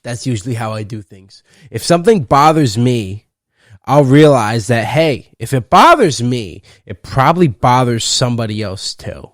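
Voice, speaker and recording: A young man hosting a solo podcast, rambling and cursing playfully, breaking into loud laughs. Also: medium pitch, lively intonation, moderate pace, no echo, studio quality. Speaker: podcast host. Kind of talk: casual solo podcast rant.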